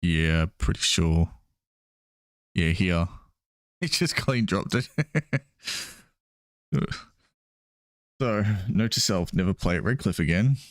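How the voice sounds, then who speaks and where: Pria Australia bersuara rendah, banyak tertawa. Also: male voice, deep voice, expressive, takes it slowly, pauses often, dry recording, clean studio sound. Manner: laughs often, hesitant restarts. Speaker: podcast co-host. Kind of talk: casual sports chat while watching a game.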